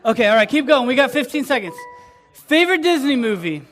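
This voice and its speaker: A man's voice: very high-pitched, sing-song, brisk, a bit bright, faint music behind. A man leading a youth ministry night, upbeat and joking with the room as he runs a game and a lesson. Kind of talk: lively youth group game and teaching.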